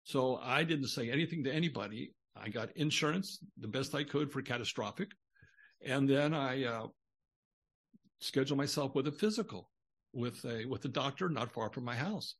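A man's voice: mid-range voice, moderate pace, vocal fry, slightly rough. An older man, a guest on a podcast interview, telling a long personal story in a rambling way with many restarts.

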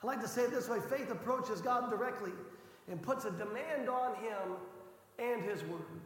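A pastor preaching a passionate sermon, his voice rising to shouts for emphasis. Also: sits high, normal speed. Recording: echoey hall reverb.

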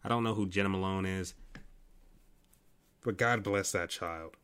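A man's voice: low-pitched, measured pace, fairly bright tone, clear, resonant tone. A man hosting a late-night solo podcast, ranting in an exasperated, profane way with many restarts, tired and yawning. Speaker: podcast host. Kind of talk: casual solo commentary.

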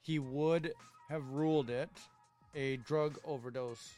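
A man's voice: fairly high pitch, steady tone, slow pace, darkish tone, soft background music. A man, explaining his opinions at length in a casual podcast chat. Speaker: podcast co-host.

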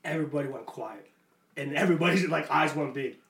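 A young man hosting a podcast, telling a story in a lively, casual way and laughing often. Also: fairly high pitch, fast, gravelly. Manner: animated, laughs often while telling stories. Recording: echoey room with faint noise.

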